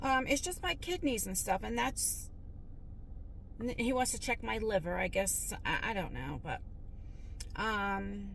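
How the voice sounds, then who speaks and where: A middle-aged woman talking in a casual vlog from her car, worried and halting, stumbling over her words. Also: medium pitch, animated, gravelly, fairly bright tone. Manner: worried, halting, with restarts and stutters. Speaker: vlogger. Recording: noisy car interior.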